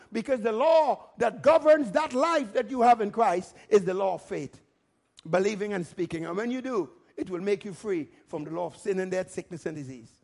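A male pastor preaching a sermon emphatically, firing rhetorical questions and rising to shouts. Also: extremely high pitch, vocal fry.

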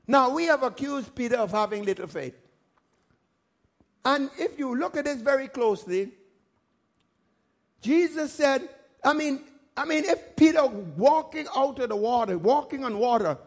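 High-voiced preacher man, emphatic. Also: gravelly. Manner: emphatic preaching with repetition and call-and-response asides; dramatic scripture reading with slowed, stretched phrases. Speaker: pastor. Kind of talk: sermon.

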